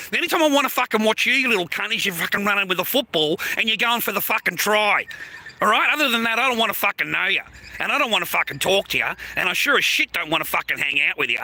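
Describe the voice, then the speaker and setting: A man's voice: high-pitched, expressive, fast talker, bright, forceful tone. Sweary man ranting. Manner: angry, heavy swearing, blunt. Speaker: livestreamer. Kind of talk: profane live-stream rant.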